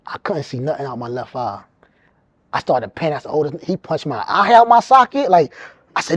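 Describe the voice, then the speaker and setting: A man around forty, telling his own life story in an animated, streetwise way, often repeating words as he goes. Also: fairly high pitch, a little fast, no echo. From New York. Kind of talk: casual storytelling.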